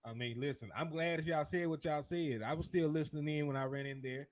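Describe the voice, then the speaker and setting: A man's voice: on the high side, steady tone, a little fast, no room sound. A man hosting a sports podcast, talking in a conversational slangy way. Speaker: podcast host. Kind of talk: casual sports talk.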